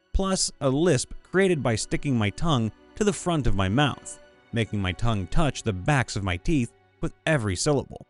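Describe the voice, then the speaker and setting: A man reads out tabletop game anecdotes in an animated, playful storytelling voice. His pitch moves a lot, and soft music plays underneath. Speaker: narrator reading listener stories.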